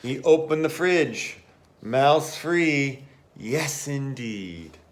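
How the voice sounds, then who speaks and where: Slow, animated man reading a storybook. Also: mid-range voice. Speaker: English teacher.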